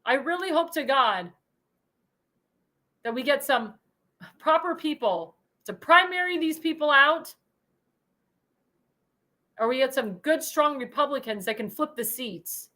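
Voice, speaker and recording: A woman's voice: high voice, animated, measured pace, long pauses, bright, forceful tone. A woman hosting a political commentary show, speaking in an indignant, emphatic way and repeating phrases for emphasis. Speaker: host.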